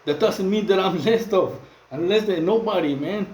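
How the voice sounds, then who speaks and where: A man's voice: high voice, normal speed, a little mellow, reverberant, poor audio. A middle-aged Mexican man talking straight into his phone in a loose monologue, heavy on slang, fillers and restarts. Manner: repetitive, many fillers and restarts, street slang. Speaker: channel host. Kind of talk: casual monologue to camera.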